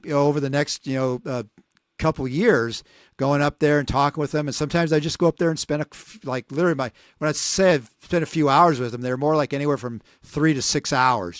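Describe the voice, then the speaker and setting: Casting: man in his 60s, fairly high voice, dry close sound, animated rambling storyteller. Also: dry recording. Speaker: podcast co-host. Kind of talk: casual storytelling.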